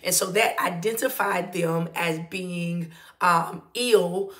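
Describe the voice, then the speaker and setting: A woman pastor giving a live morning devotional in a casual, animated way, repeating greetings and using many fillers. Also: fairly low pitch, slow.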